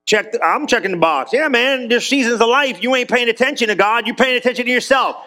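A man's voice: very high voice, fast, bright, forceful tone. A man preaching a sermon in a church, casual and joking with the congregation. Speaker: pastor.

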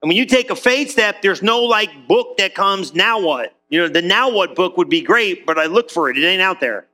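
A man preaching a sermon to his congregation in a chatty, animated way, acting out little quoted exchanges. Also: sits high, moderate pace. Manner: conversational, animated, acts out quotes. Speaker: pastor. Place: church in front of congregation.

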